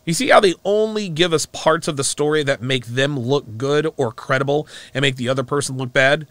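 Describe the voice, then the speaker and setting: A man's voice: medium pitch, brisk, a bit bright, no echo. A man giving a mocking, profane, emphatic reaction commentary on a clip he plays.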